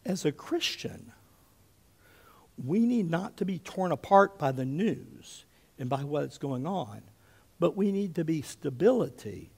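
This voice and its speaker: Fifties guy preaching, slightly high voice with gravel, goes loud then hushed, keeps saying okay. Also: unhurried. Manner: animated storyteller, often checks in with "okay?", drops to a hush for quotes. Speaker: pastor. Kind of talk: sermon.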